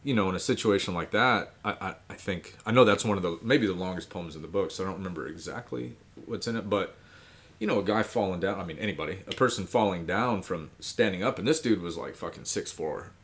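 A man who is a guest poet on a podcast, speaking in a halting, casual way and swearing freely. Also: sits low, a bit bright. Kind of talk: casual conversation.

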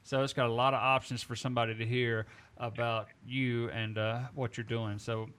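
A man's voice: mid-range voice, level tone, normal speed, fairly bright tone, smooth. Chatty male radio co-host. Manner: chatty, runs the segment and plugs the show. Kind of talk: casual radio interview chat.

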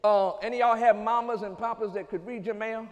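A man preaching a sermon, using call-and-response and building to shouts. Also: sits high, steady tone, brisk, big-room sound. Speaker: pastor.

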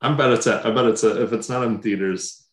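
A man's voice: on the low side, fairly even intonation, fairly quick, reverberant. A man co-hosting a sports podcast, bantering and joking casually. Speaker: podcast co-host.

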